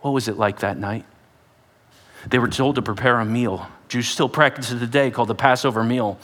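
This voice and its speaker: A man preaching a sermon, telling the story dramatically and acting out voices, dropping to whispers and rising to loud outbursts. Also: medium pitch, brisk. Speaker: pastor.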